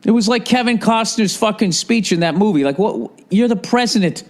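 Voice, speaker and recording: Man, forties, podcast host, comedic rant, profane and sarcastic, slightly high voice. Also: lively intonation, fairly quick.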